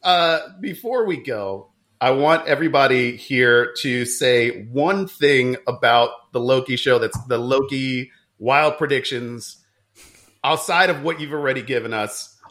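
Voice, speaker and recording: A man's voice: mid-range voice, a little slow, a bit bright. A man hosting a casual podcast chat, upbeat and laughing often as he steers the talk. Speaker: podcast host.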